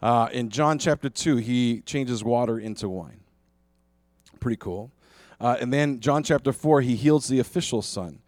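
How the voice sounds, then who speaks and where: Animated male pastor preaching a sermon. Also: medium pitch, measured pace, dry recording. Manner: conversational, animated preaching with rhetorical questions.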